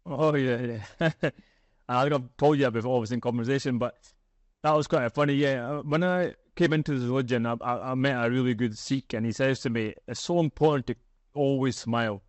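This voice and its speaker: A man's voice: medium pitch, brisk, dry recording. A man with a broad Scottish accent telling a story in casual conversation as a podcast guest, chatty and laughing now and then. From Scotland.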